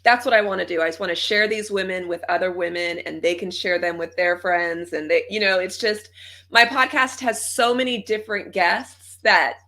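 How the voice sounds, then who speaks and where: Bright-voiced woman guest, upbeat, laughs a lot, easy chat. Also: fairly low pitch, fairly even intonation, moderate pace. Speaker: podcast guest and coach. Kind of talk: conversational interview.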